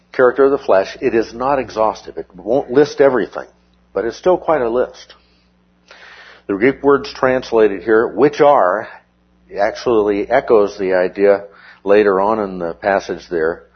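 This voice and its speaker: A man teaching a verse-by-verse Bible study lesson in a measured, explanatory way, often checking in with his listeners. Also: on the low side, breathy edge, muffled recording.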